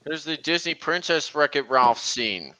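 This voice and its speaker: A man's voice: fairly high pitch, expressive, a little slow, crowd noise, rough recording. A young man hosting a casual voice-chat stream, rambling and often restarting his sentences. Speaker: stream host.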